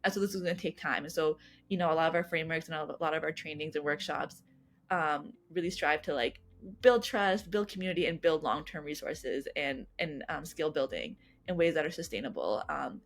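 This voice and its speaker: A woman guest answering interview questions in an earnest, fast way, restarting and repeating words often. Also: low voice. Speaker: guest, youth engagement coordinator at a health nonprofit.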